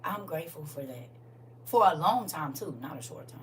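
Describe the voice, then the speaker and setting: A woman hosting a casual livestream chat with her viewers, swinging from soft murmurs to loud, excited exclamations. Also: low-pitched, moderate pace. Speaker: livestream host. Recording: distant mic with faint background hum.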